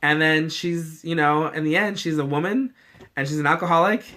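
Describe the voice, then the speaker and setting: A young man with a bright, somewhat high voice gushes in casual vlog chat. He swears freely and slips into little acted-out voices for the people he talks about. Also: normal speed. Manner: gushing, expressive, swears freely, acts out quoted voices. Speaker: vlogger reacting to a movie trailer.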